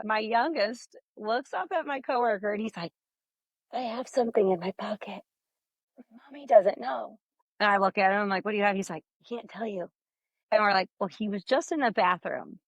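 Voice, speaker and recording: Dry-voiced mom teacher telling stories. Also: female voice, mid-range voice, a bit bright, no echo, lo-fi sound. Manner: storytelling, acts out quotes. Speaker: podcast co-host, teacher, mother. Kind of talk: casual chat.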